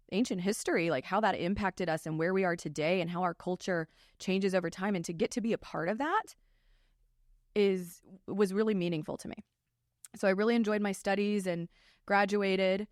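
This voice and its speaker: A woman in her thirties, a family law attorney and co-host, telling personal stories in a casual, animated way, full of "like" and "um". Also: lowish voice, normal speed, dry recording, clean studio sound. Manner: animated, frequent "like" and "um" fillers. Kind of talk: casual podcast storytelling.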